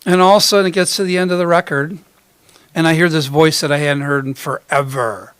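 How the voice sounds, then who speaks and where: A man's voice: fairly high pitch, fairly even intonation, fairly quick, fairly bright tone, smooth, no echo. A middle-aged man and ukulele performer telling rambling, self-mocking stories between songs on a coffee house stage. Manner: chatty, rambling, self-mocking, many fillers. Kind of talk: storytelling stage banter.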